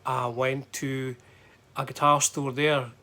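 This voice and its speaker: A man's voice: mid-range voice, level tone, slow, pushed and bright. Chatty Scottish man rambling on. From Scotland. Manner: rambling, chatty, frequent fillers and restarts. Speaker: guitar vlogger. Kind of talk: casual travel chat.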